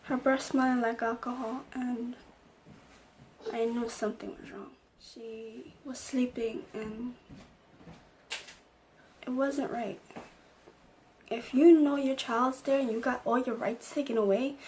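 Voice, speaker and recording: A woman's voice: on the high side, steady tone, slow pace, pauses often, darkish tone, a little hiss or hum. A young woman vlogger telling an emotional personal story, acting out the lines of the people in it. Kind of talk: storytime vlog.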